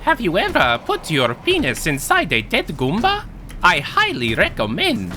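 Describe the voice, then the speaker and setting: A man putting on a crass, boastful cartoon plumber voice with bouncy high exclamations. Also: wildly swooping pitch, measured pace, sharp tone, faint music behind, exaggerated voice. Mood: crude boasting. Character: crude boastful male plumber cartoon hero.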